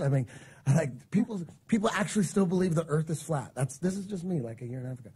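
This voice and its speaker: A man's voice: a little high, fast talker, husky. A man in his forties, a guest in casual chat, telling a long story and acting out the things people said to him. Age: 40s. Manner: animated storytelling, acting out quoted exchanges.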